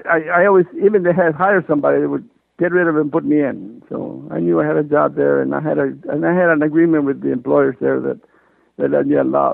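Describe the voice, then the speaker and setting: A man's voice: a little high, gravelly, no echo, narrow, tinny audio. An older man telling his story in an oral history interview, acting out the dialogue he remembers.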